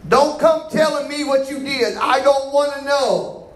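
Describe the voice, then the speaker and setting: A man's voice: extremely high pitch, measured pace. A man preaching as a bishop in a conversational style, answered by the congregation. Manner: conversational preaching with call-and-response. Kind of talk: sermon. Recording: echoey church from far off.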